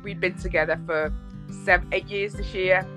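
A woman with a Scouse accent, a podcast guest chatting casually and telling lively stories, swearing freely. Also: on the low side, normal speed, soft background music. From England. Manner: lively storyteller, swears freely, laughs often.

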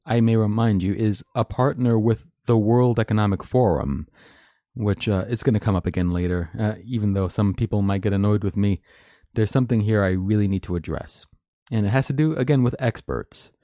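A man's voice: fairly low pitch, a little fast, warm tone, no room sound, clean studio sound. A man hosting a live stream, reading news articles and commenting in a chatty, opinionated way with many fillers and restarts. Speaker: host.

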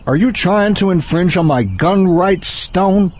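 A man's voice: high-pitched, unhurried, husky, full character voice. A man doing a pompous, clueless president. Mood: smug. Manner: pompous, bumbling deadpan. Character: clueless, showboating male president. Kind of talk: satirical sketch acting.

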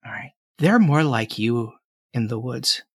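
A man's voice: mid-range voice, expressive, unhurried, husky, no echo. An earnest, nervous ten-year-old boy, as a game master puts him on, solemn and chatty, who stumbles over his words. His voice sounds plain and dry. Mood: worried. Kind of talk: tabletop game character voice.

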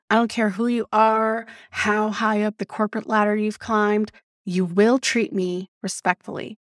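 A woman's voice: medium pitch, no echo, clean studio sound. Emphatic woman telling a story. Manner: animated and emphatic, swears freely, addresses listeners as "y'all". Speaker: podcast host. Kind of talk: casual storytelling monologue.

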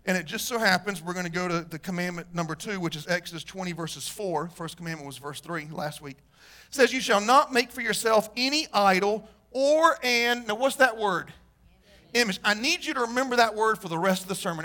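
Male pastor, high-pitched voice, emphatic sermon delivery, repeats key questions, throat-clearing habit. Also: a little fast, bright, forceful tone.

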